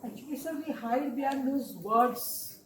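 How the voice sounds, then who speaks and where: A woman speaking up from an audience with a high-pitched voice, picked up from far off the mic. She speaks earnestly and politely, addressing the speaker respectfully. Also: a little slow. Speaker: audience member asking a question. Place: university lecture hall.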